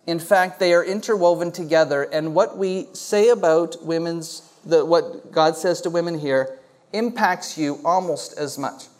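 A man with a fairly high-pitched voice preaches slightly slowly to a congregation in a church hall. He's an animated pastor who keeps asking the congregation questions.

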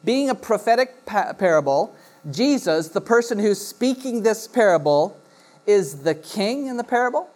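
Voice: medium pitch, expressive, moderate pace, darkish tone. Pastor reading scripture, then preaching. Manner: reads scripture aloud, then explains it with frequent uh and restarts. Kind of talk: sermon.

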